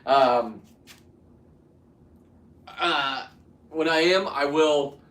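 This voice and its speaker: A man's voice: fairly high pitch, very slow, pauses often, a bit bright, reverberant, distant mic. A man in his fifties talking casually to camera while he works, rambling with many restarts and getting worked up as he goes. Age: 50s. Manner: rambling, restarts, heats up into ranting. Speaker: vlogger.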